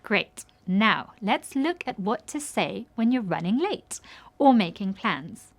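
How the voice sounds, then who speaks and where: A woman reading a scripted language lesson, saying example phrases clearly and giving each translation in a measured way. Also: mid-range voice, big pitch swings. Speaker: language teacher.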